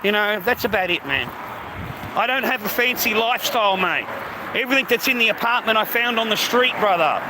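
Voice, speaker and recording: A man's voice: sits high, a little fast. An Australian man livestreaming outdoors, rambling to his viewers, swearing heavily and calling everyone mate. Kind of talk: casual livestream chat to viewers. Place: outdoors on a street. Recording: outdoor street noise, passing traffic.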